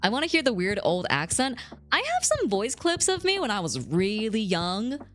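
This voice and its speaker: A woman's voice: a little high, huge pitch swings, moderate pace, faint music behind. A woman around thirty chatting casually with her live chat as a streamer, reading messages aloud and laughing often.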